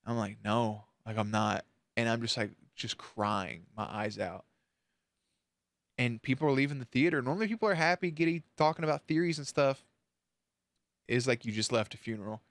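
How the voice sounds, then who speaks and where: A man's voice: medium pitch, animated, fairly quick, no echo. A man hosting a reaction channel tells his story to camera with open emotion and casual swearing. His voice sits in a middle register. The sound is dry and close-miked, with no room around it.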